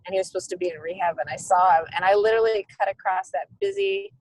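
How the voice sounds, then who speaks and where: Animated woman telling stories, lowish voice. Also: fast, rough recording. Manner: animated, acts out quoted dialogue. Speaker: nonprofit founder, guest. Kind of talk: conversational storytelling.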